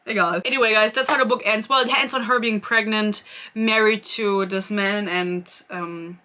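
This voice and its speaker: A woman's voice: mid-range voice, steady tone, normal speed, bright, forceful tone, a little hiss or hum. A young woman giving a rambling, sarcastic book review in a casual vlog, swearing freely.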